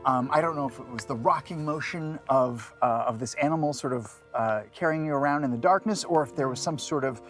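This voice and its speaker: A man acting as game master, narrating a tabletop game haltingly and filling the gaps with uh and um. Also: mid-range voice, a bit bright, soft background music. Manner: hesitant narration full of fillers.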